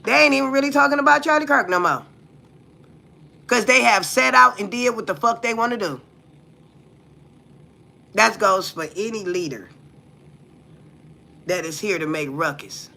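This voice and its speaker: Slightly high with vocal fry and a sharp tone, this American woman's voice carries her casual livestream talk. She's blunt and profane, challenging her viewers with rhetorical questions.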